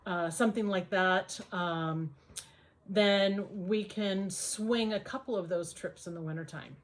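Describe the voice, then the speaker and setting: A woman's voice: mid-range voice, unhurried. An American woman giving casual advice in a vlog, chatty and full of ums and uhs. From United States. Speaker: vlogger.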